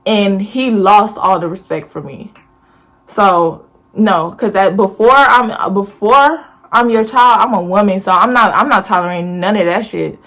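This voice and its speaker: A woman's voice: mid-range voice, measured pace, a bit bright. A woman in her twenties telling a personal story to camera in a casual, blunt and profane storytime rant. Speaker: vlogger.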